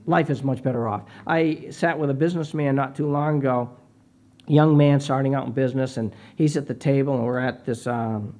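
A man's voice: medium pitch, warm tone. A middle-aged man preaching a sermon, earnest and personal, often repeating words as he starts a phrase. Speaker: pastor.

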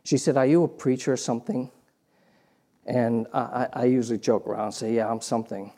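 Mellow-voiced man preaching a story sermon. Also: mid-range voice, a little fast, creaky. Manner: conversational, repeats words and restarts, swings from quiet to emphatic.

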